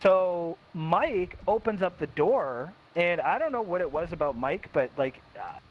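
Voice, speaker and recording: Young male storyteller, high lively voice, blunt and profane, dull lo-fi mic with faint hiss. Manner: blunt, heavy swearing, quick quoted voices, restarts. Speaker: streamer telling a personal story. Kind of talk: casual storytelling.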